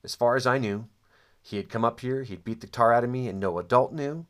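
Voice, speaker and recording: A man's voice: medium pitch, fairly quick, a bit bright. A man casually recounting a childhood memory, hesitant with frequent ums and restarts, and prone to dry, wry asides. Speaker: storyteller. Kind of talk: casual spoken recollection of childhood.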